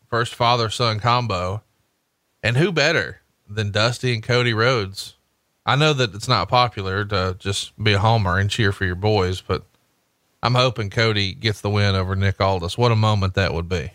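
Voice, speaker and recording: A man's voice: lowish voice, a bit bright, no echo, clean studio sound. A man hosting a casual podcast, enthusiastic and full of "like" and "I mean". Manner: enthusiastic, listing things, filler "like".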